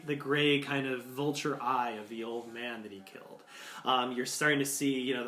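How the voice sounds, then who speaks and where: Rambling game master man, bright voice. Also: mid-range voice. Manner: rambling, full of likes and ums. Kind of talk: improvised tabletop game narration. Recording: echoey room.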